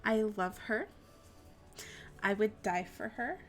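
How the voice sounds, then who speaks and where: A young adult woman streams live, answering viewer questions in a giggly, rambling way and swearing freely. Her mid-range voice is slow, with soft background music.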